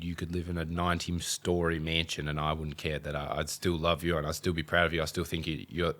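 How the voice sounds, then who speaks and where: A man's voice: deep voice, fairly bright tone. A young man with an Australian accent, chatting as a podcast guest in a rambling way full of "like". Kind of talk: casual podcast chat.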